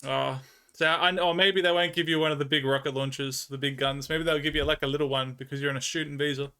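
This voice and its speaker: A man's voice: a little high, steady tone, fast talker, bright, forceful tone, smooth. A man with an Australian accent chatting with viewers on a live stream, telling rambling stories and laughing often. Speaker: livestreamer. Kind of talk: casual chat with viewers.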